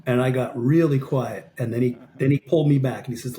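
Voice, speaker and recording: A man in his fifties, a guest on a podcast, tells a story in an animated way and acts out the dialogue he quotes. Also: mid-range voice, fast talker, few pauses, a little hiss or hum. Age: 50s. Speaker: podcast guest, amateur fighter. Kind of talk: storytelling in an interview.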